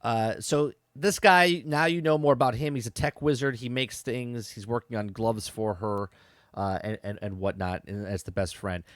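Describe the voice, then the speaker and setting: Casual male podcaster, mid-pitch, chatty recap with restarts, dry close mic. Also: fairly even intonation, moderate pace, no room sound. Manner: chatty, repeats words and restarts, frequent "okay?" and "right?" asides. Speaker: podcast host reviewing a TV episode.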